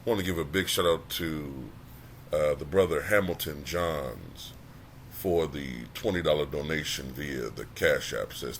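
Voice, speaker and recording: A man hosting his own channel, giving casual commentary that runs from flat and low-key to animated and exasperated. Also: a little hiss or hum. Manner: animated, rising to exasperated near-shouting; says he can sound monotone at times. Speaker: channel host.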